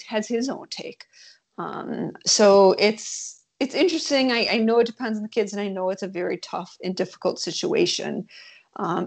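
A woman's voice: mid-range voice, gravelly. A woman in casual podcast conversation, speaking candidly and hesitantly, with many ums and restarts.

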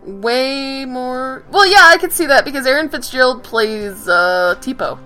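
Young woman gushing about a game, high bright voice, swears a lot, faint music under. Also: unhurried, clear, resonant tone. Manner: excitable, swears freely, gushes and laughs. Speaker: podcast co-host. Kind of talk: casual chat.

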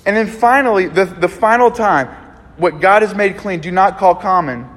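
A man from a small town in Alabama preaches a casual, lively sermon, his voice sitting slightly high. He leans into storytelling, acting out the voices in the scenes he tells. The sound carries the long, ringing reverb of a big church hall. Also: moderate pace. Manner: conversational and animated, acting out voices in Bible stories and anecdotes.

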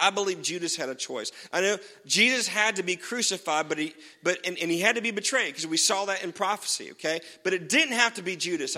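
Male pastor, fairly high and bright voice, casual joking sermon, long church reverb. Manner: casual and joking, many fillers.

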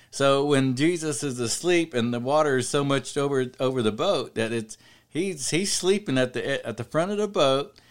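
A man giving an informal Bible study talk, reading verses and explaining them in a conversational way, often saying "you know" and building up to emphatic preaching. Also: medium pitch. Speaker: Bible teacher.

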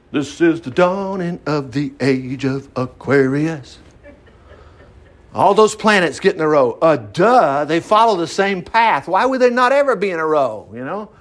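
A man preaching an informal Bible-teaching sermon in a folksy way, reading scripture and acting out quotes in mocking voices. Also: sits high. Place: farm.

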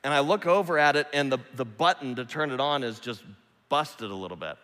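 A man's voice: mid-range voice, expressive, a little fast, fairly bright tone. A middle-aged man preaching a sermon as a pastor, earnest and repeating phrases for emphasis, speaking in a large church hall. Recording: long hall reverb.

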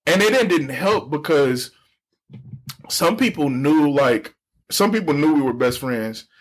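A man's voice: fairly high pitch, measured pace, husky. A young man casually telling a long story on a podcast, slangy, acting out what people said. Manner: animated storyteller, slangy, acts out quoted people. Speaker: podcast co-host.

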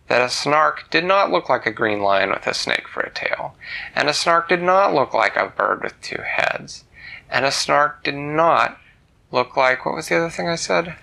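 A man telling a bedtime story to a child in a gentle, animated way. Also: mid-range voice, vocal fry, rough recording.

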